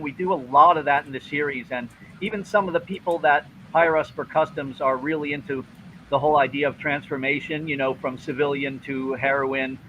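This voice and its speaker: A man who creates comics, chatting upbeat and rambling a little in an interview. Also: fairly high pitch. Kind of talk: casual interview chat. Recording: dull lo-fi audio with faint hiss.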